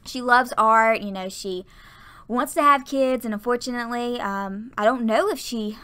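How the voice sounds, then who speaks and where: A woman's voice: fairly high pitch, normal speed, pushed and bright, clear, resonant tone. Chatty woman rambling. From American South. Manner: chatty, rambling, stumbles over words. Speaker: Sims YouTuber. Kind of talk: casual gameplay voiceover. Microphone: home voiceover mic.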